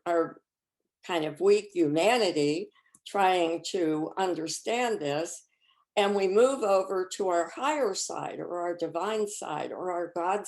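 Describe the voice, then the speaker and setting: A woman presenting a reflective faith talk over a video call, measured and searching for words. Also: fairly low pitch, darkish tone. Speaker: retreat presenter.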